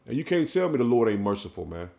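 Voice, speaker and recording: A man's voice: mid-range voice, sing-song, fast talker, vocal fry, warm tone. A man preaching an emphatic sermon, often ending his phrases with "man". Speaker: street preacher.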